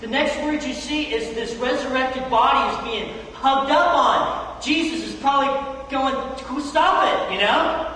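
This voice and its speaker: A preacher giving a sermon in a church sanctuary, animated and casual, acting out scripture scenes in slangy everyday talk. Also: high-pitched, moderate pace. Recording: echoey church hall, distant mic, faint noise.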